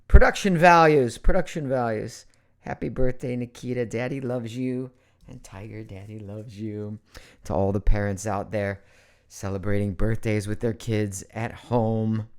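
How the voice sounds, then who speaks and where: A man's voice: mid-range voice, darkish tone. Chatty middle-aged man streaming from home. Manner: chatty and playful, jumps between topics. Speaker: voice actor hosting a live Q&A. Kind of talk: casual live-stream chat. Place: at home, at his computer.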